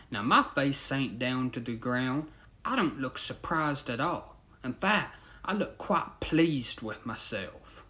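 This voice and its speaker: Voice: medium pitch, fairly bright tone. A storyteller telling a crude comic story, laughing and talking straight to listeners.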